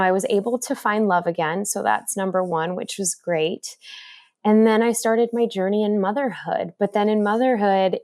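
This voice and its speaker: A middle-aged woman speaking as a podcast guest, talking in an animated way about her own experience. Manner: animated, acts out inner voices in a higher pitch. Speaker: podcast guest, resilience author. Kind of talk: conversational interview.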